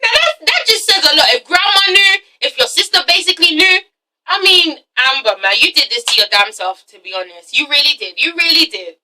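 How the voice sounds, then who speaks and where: A woman's voice: extremely high pitch, animated, brisk, bright, forceful tone, recorded from a distance, low-quality recording. A woman hosting a casual TV-recap vlog, sassy and profane, with constant "okay?" asides. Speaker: reviewer, channel host.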